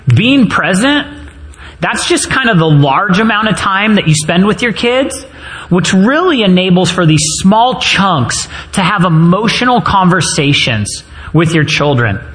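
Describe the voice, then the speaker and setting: A man delivers a sermon in an earnest, storytelling way, drawing on his own childhood memories. His voice sits a little on the high side for a man. He speaks directly to fathers in the congregation. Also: fairly bright tone. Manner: earnest storytelling, personal anecdotes. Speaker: preacher.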